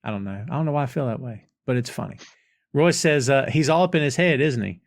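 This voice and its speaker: A man's voice: medium pitch, quick pace, gravelly, no room sound, clean studio sound. A man hosting a podcast, chatting casually and recapping scenes from an episode line by line. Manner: retells dialogue line by line, conversational. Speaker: podcast host reviewing a TV episode.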